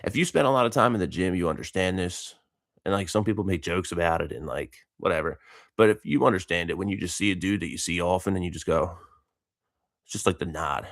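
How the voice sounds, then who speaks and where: Laid-back deep-voiced man rambling. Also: animated, normal speed, dry recording, studio quality. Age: 30s. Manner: rambling, laid-back, laughs often, dude slang. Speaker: vlogger and coach. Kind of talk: casual motivational monologue.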